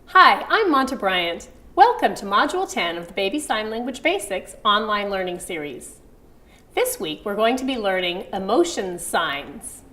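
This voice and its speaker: A woman's voice: mid-range voice, fairly bright tone. A middle-aged woman teaching baby sign language in a friendly online video lesson, acting out parent phrases with a sweet sing-song emphasis.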